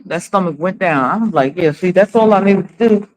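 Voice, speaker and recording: Animated, blunt woman host chatting. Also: mid-range voice, fairly quick, poor audio. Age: 40s. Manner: blunt, profane and dramatic storytelling. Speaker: livestream host. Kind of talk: casual livestream chat.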